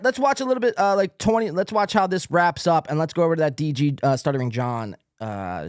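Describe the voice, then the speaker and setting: A man's voice: mid-range voice, no room sound, clean studio sound. A man hosting a podcast, giving sarcastic, mocking commentary on video clips with lots of swearing. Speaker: podcast host.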